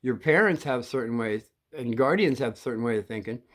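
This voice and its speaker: A man in his sixties telling a childhood story casually, in a halting, rambling way with many restarts and throat-clearing. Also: mid-range voice, animated.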